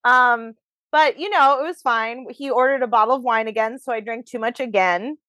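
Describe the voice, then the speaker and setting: A woman's voice: fairly high pitch, moderate pace, sharp tone, no room sound. A woman hosting a podcast, chatting frankly and casually about her dating life. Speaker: podcast host. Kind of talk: casual chat. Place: New York.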